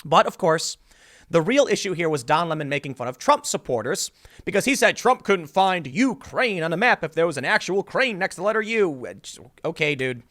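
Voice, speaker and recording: A man's voice: on the high side, sing-song, normal speed, a bit bright. A man hosting political commentary, talking casually and mocking his targets with sarcasm.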